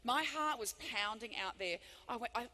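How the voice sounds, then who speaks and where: Brief: high, bright woman as a motivational keynote speaker, emphatic and animated, big hall reverb. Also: moderate pace. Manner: animated and emphatic, with big swings from loud to hushed. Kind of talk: live keynote speech. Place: large hall before thousands of people.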